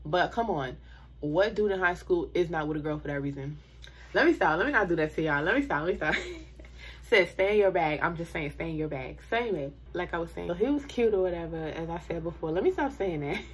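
A woman's voice: on the low side, expressive, fairly quick, husky. A young woman telling a storytime to her viewers in a casual, slangy way, with asides and laughs.

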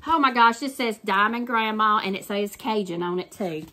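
A grandmother with a Southern US accent, chatting warmly and effusively to her viewers about crafts in a casual vlog. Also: medium pitch, moderate pace. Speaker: crafting vlogger.

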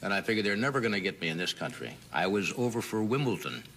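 A man's voice: fairly low pitch, very animated, quick pace, fairly bright tone. A man hosting a talk show, chatting casually with a guest in a dry, understated way. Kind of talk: casual chat. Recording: studio audience and hiss.

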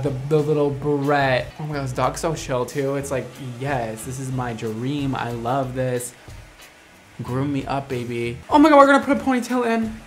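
A man hosting a casual reaction vlog, his voice swooping all over in lively, animated bursts. He gushes and exclaims dramatically, filling his talk with "like". Faint music plays behind him. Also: on the high side. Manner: gushing, dramatic exclamations, says "like" a lot. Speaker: hairdresser reacting to videos.

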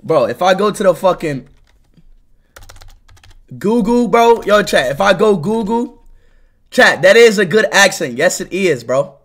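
A young man live streaming, talking loudly and excitably to his chat and swearing often. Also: high-pitched, a little slow, pauses often. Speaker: livestreamer.

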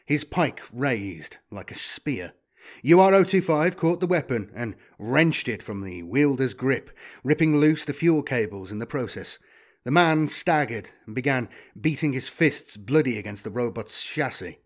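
Lively male audiobook narrator. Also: medium pitch, measured pace. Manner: expressive, lively delivery. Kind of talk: dramatic story narration.

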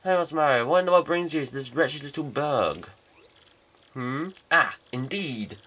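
Guy doing a pompous old gent voice for a game, slow and wordy, bounces up and down a lot. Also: medium pitch, lively intonation, sharp tone. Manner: pompous, slow, drawn-out speech. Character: stuffy old-fashioned gentleman, formal, long-winded.

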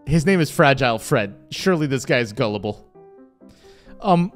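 A man commentating his gameplay in an excitable, joking way, often putting on hammy lines. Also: mid-range voice, normal speed, pauses often, faint music behind. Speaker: gaming youtuber.

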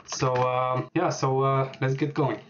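A man walking through a software setup on screen, speaking hesitantly with many filler words as he types. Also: mid-range voice, little pitch movement, a little slow, muffled recording. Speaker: programming tutorial host. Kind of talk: screen-recorded software tutorial.

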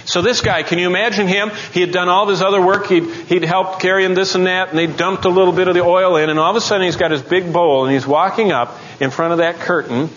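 A man teaching the Bible in a sermon style, telling the story dramatically and rising into excited outbursts. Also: high-pitched, fast talker, few pauses, dull audio, a little hiss or hum.

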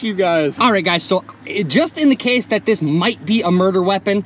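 Man, outdoor vlog host, excitable, lots of exclaiming, windy traffic noise behind. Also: high voice, a little fast, hardly any pauses. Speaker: magnet fishing channel host. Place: outdoors by a bridge over water.

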